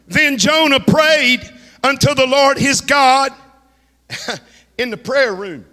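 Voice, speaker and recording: A man preaching a sermon, fiery and shouting, often breaking into a chanted delivery. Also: very high-pitched, takes it slowly. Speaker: pastor. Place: church hall. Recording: reverberant church hall.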